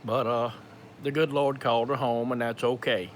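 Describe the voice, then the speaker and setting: A man's voice: mid-range voice, steady tone, normal speed, slight background noise. A man in his fifties with a thick Georgia accent, talking in a folksy, rambling way with many fillers and restarts during a live question-and-answer session. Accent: thick Georgia Southern. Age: 50s. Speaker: ministry speaker.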